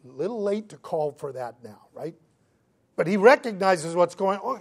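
Animated preacher, checks in with listeners. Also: male voice, sits high, moderate pace. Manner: animated preaching, acts out the voices of the figures in the story; checks in with the listeners, asking "right?" again and again. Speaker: pastor. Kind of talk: sermon.

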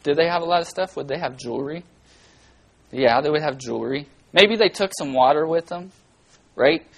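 A children's church teacher giving an animated Bible lesson, asking the kids lots of questions and breaking into loud, dramatic bursts. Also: mid-range voice, moderate pace, low-quality recording.

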